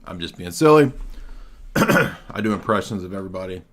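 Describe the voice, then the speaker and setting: A man hosting a livestream, delivering combative, sarcastic commentary and often clearing his throat. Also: low voice, animated, quick pace, fairly bright tone. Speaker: livestream host. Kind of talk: argumentative solo commentary.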